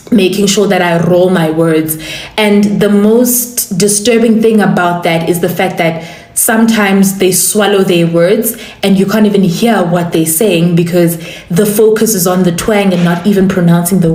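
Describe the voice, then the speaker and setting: A woman giving emphatic commentary, stressing words slowly. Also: on the low side, darkish tone. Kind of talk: casual commentary. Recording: echoey room.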